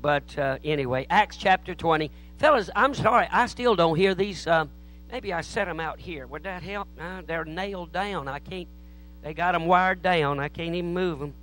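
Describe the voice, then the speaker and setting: Pastor guy telling jokes from the pulpit, high bright voice. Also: normal speed, a little hiss or hum, low-quality recording. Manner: folksy joke-telling, acts out voices in anecdotes. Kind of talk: sermon with humorous stories. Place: church.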